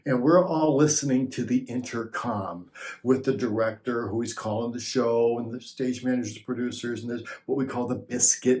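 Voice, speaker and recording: A man who worked as a monitor technician, telling backstage stories casually, laughing often and swearing freely. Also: medium pitch. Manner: laughs often, profane, animated retelling. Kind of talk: casual storytelling.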